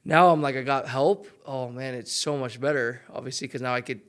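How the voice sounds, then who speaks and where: A man's voice: medium pitch, fairly even intonation, a little fast, a bit bright, clear, resonant tone. A young man, a former pro golfer, chatting as a podcast guest in a loose storytelling way full of fillers. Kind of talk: casual interview chat.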